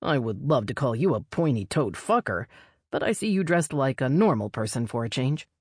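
A woman voicing a proud male vampire prince who swears and threatens in a lowered voice. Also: animated, moderate pace, darkish tone, slightly rough, no room sound, clean studio sound, heavily acted. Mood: dry.

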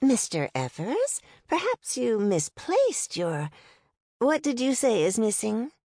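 A woman's voice: mid-range voice, sing-song, measured pace, creaky, darkish tone, no room sound, studio quality, voice pushed up, full character voice. A woman doing a sweet but defiant motel owner. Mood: sweetly soothing. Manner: overly sweet, then firm.

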